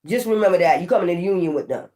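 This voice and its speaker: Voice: mid-range voice, racing, warm tone. A tarot reader doing a casual spiritual reading, talking straight to viewers in a blunt, emphatic, profane and preachy way. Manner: preachy, addresses viewers directly.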